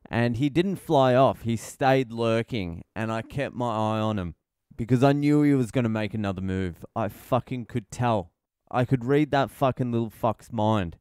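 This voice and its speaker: A man's voice: medium pitch, normal speed, a little mellow, smooth, no room sound, clean studio sound. Profane ranting Australian man. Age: middle-aged. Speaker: podcast host, comedian. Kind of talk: casual comedic monologue.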